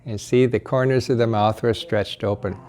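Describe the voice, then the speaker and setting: A male language teacher with a medium-pitched, steady, darkish voice leads a slow pronunciation drill at normal speed. Patient and encouraging, he models vowels and short words one at a time.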